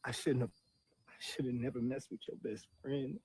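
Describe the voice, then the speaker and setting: Begging husband , man acts it out, raspy, mellow, tearful pleading, comedy skit. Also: mid-range voice, fairly even intonation, normal speed, no echo, natural voice, low-quality recording. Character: remorseful husband begging on his knees.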